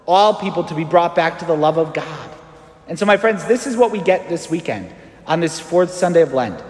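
A man preaching a sermon as a priest, animated and acting out the voices in the story. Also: fairly high pitch, normal speed. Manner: animated, acts out quoted voices. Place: church. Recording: echoey church hall.

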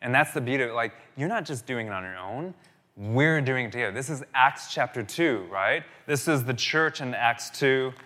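A pastor in his thirties preaches in a chatty, storytelling way, often checking in with "right?". His voice is bright and forward. The sound rings out in a large church hall with a long reverb. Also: mid-range voice, lively intonation, moderate pace. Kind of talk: sermon.

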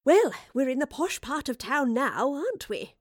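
A breezy, chirpy eccentric professor, lifted in pitch and unbothered by danger, as a woman puts it on. Recorded close and dry for an audiobook. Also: sing-song, moderate pace, no room sound. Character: cheerful, confident eccentric professor.

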